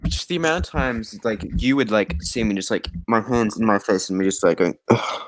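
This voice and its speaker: A man co-hosts a podcast, chatting casually about a bad movie with rambling, exasperated asides and laughter. His voice is on the low side and a little fast, and the recording is dry and rough.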